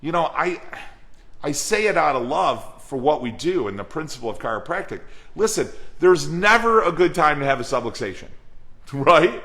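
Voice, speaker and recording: A man's voice: a little high, sing-song, normal speed, sharp tone. A man, a chiropractic coach, gives an earnest motivational talk to colleagues, asking rhetorical questions and acting out patient and dentist dialogue. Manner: acts out dialogue in an everyday voice.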